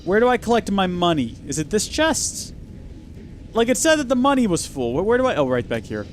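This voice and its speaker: A man's voice: high-pitched, sing-song, fairly quick, a little hiss or hum. A man hosting a gaming video, giving chatty, wry and sarcastic commentary as he plays. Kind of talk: let's play commentary.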